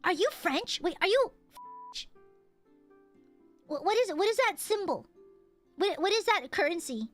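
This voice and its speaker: Young woman streamer from the US, bright and sharp, animated, teasing, yells at chat. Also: very high-pitched, a little slow, long pauses, faint music behind. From United States. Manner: playful, bursts into shrieking outbursts at chat. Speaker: VTuber streamer. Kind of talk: casual livestream chat, reading donations.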